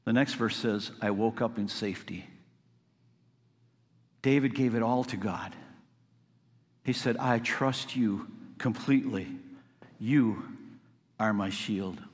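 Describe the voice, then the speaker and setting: A male pastor delivering a sermon, building from calm explanation to fervent emphasis. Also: on the low side, takes it slowly, pauses often. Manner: preaching, rising to fervent emphasis. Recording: long hall reverb.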